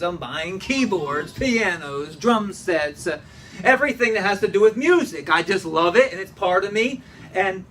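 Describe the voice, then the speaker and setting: High, bright-voiced man preaching emphatically. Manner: emphatic, repeats phrases for effect. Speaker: pastor. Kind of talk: sermon. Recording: distant mic with faint room noise.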